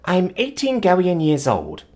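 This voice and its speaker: A man's voice: sits high, huge pitch swings, unhurried, warm tone, pitched above the performer's own voice, heavily acted. A man voicing an eager, enthusiastic young female alien who speaks with a strong accent.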